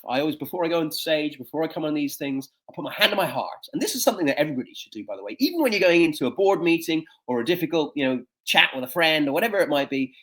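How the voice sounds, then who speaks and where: A man in his fifties, a coach and speaker, telling personal stories in an interview with frequent fillers and restarts. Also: a little high. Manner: animated storyteller with frequent fillers. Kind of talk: conversational interview storytelling.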